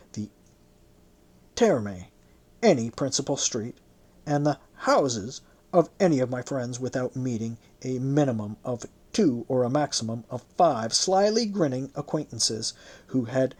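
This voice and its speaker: An audiobook narrator reading a historical novel in the first person, in a measured, literary way. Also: mid-range voice, a little mellow.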